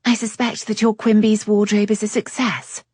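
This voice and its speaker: A woman narrator voicing a quick-witted young English lady, bright and lightly amused. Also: medium pitch, little pitch movement, husky, dry recording, clean studio sound, voice pushed up, lightly acted.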